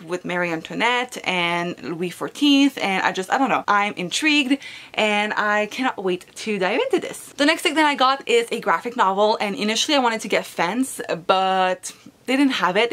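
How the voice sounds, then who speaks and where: A young woman speaking, talking casually to her viewers as a book vlogger. Her speech is loose and chatty, full of "like" and little restarts. Her voice sits at an ordinary pitch for a woman. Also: a bit bright. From Quebec, Canada. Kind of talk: casual vlog chat.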